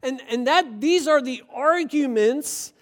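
Preacher talking casually to the congregation, lots of quick questions, animated and chatty. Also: high voice. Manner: lively, conversational, rhetorical questions. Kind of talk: sermon.

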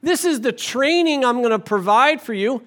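A man putting on Jesus, chatty and gentle on the phone. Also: very high-pitched, expressive, moderate pace, pitched above the performer's own voice. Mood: reassuring. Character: Jesus, a friendly caller, kind and reassuring.

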